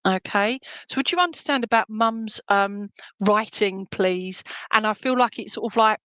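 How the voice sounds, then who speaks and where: A woman's voice: medium pitch, moderate pace, a bit bright, clean tone. Middle aged lady doing psychic readings online, lots of ums, chatty, dry sound no echo. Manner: chatty, rambling, affectionate, with many fillers and restarts. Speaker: spiritualist medium. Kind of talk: clairvoyant readings at an online church service.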